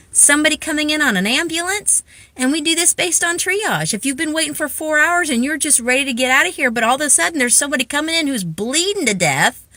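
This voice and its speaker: A woman's voice: high-pitched, pushed and bright. A tired woman emergency room nurse, giving blunt, exasperated advice in an after-work vlog. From Pensacola, Florida.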